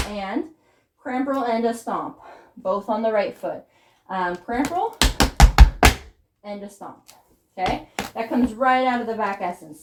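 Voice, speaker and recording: A woman's voice: medium pitch, unhurried, heavy background noise. A woman teaching a tap dance routine, counting and calling out step names in rhythm while she dances, audibly out of breath. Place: dance studio. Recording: echoey room with loud tap clicks.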